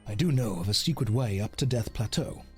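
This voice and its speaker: A man voicing a calm, helpful mountain guide who speaks in a mild, matter-of-fact way. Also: fairly low pitch, brisk, faint music behind, close to an everyday voice.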